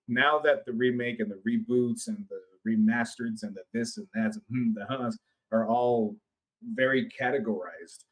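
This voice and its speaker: A man co-hosting a gaming podcast in casual chat, rambling and excitable, swearing freely. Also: on the low side, poor audio. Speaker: podcast co-host.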